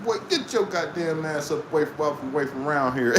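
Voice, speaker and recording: A man's voice: animated, brisk, few pauses, noisy background. Profane man ranting on a livestream. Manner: profane, swings between mocking high tones and low growls; laughs often while talking. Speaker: livestream host answering chat. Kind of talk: casual livestream rant.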